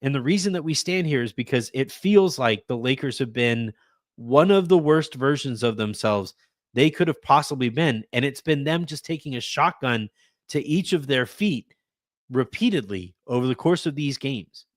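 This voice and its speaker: A man hosting a casual sports podcast, talking in an animated way and often repeating words and restarting sentences. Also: mid-range voice, normal speed, no echo, studio quality. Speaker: podcast host.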